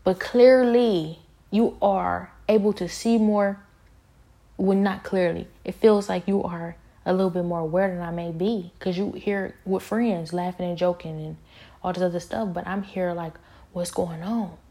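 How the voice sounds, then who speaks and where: A woman's voice: lowish voice, steady tone, measured pace, warm tone. A woman talking in a casual spoken monologue, intense and rambling, with pointed, confrontational questions and many fillers.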